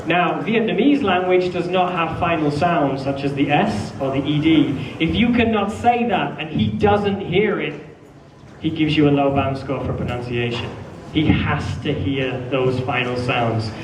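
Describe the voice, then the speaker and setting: High-voiced guy teaching a class, really animated, acts out answers, echoey room, kinda far from the mic. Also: a little slow. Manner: animated, acts out student answers with exaggerated feeling. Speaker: English teacher. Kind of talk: classroom lecture. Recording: echoey room, mic from afar, faint noise.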